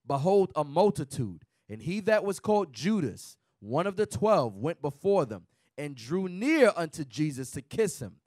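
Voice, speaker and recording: A man with a somewhat raised pitch reads old-style scripture aloud in a Bible class, steady and measured, stumbling now and then. The recording is dry and close. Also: dry recording.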